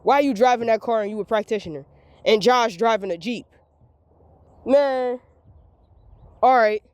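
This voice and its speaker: A woman's voice: a little high, normal speed, a little mellow, no echo. A woman, venting in a rambling, repetitive, emphatic monologue recorded as a voice memo. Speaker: vlogger.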